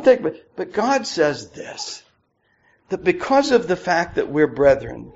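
A man preaching a sermon to his congregation, swinging between loud emphatic peaks and quiet asides. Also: very high voice, big pitch swings, measured pace. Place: church. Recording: dull lo-fi church recording.

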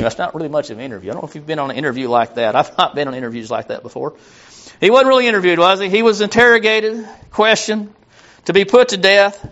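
A high-voiced man preaching a sermon. He rambles, stumbles over repeated words and loses his place as he reads. The recording sounds dull and lo-fi. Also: fairly bright tone.

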